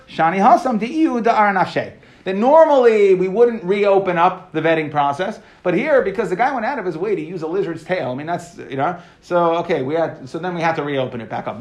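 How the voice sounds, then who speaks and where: A man teaching a Talmud class, reading each line and explaining it in casual, lively talk with modern asides. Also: high voice. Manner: reads each phrase, then explains it casually.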